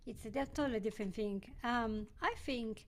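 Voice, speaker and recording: A woman hosting a casual interview, chatty and animated, laughing often. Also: a little high, moderate pace, slight background noise. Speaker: podcast host.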